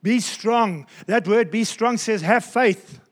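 A male pastor delivers a sermon in a high, light voice. He is emphatic, repeats key phrases and drags out his words to stress a point. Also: slow pace.

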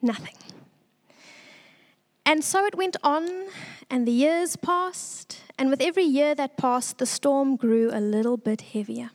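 A young woman giving an earnest, tearful church testimony, pausing often. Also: high-pitched.

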